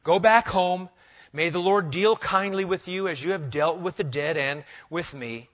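Bright-voiced male preacher, lo-fi sound. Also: sits high, unhurried. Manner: conversational, joking asides. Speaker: pastor. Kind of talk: expository sermon.

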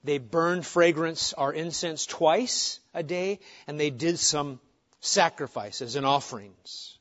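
A man's voice: on the high side, takes it slowly. Preaching man, muffled lo-fi recording. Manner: animated preaching, rhetorical questions, drops to soft pleading. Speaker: pastor. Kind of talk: sermon. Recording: muffled lo-fi sound.

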